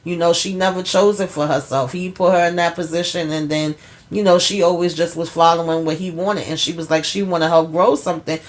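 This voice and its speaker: A woman casually recapping a TV episode for her viewers, animated and chatty, acting out characters' lines. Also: a little fast. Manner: animated storytelling, acts out characters' lines with pitch jumps; chatty, addresses viewers as y'all. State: tired. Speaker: TV recap host.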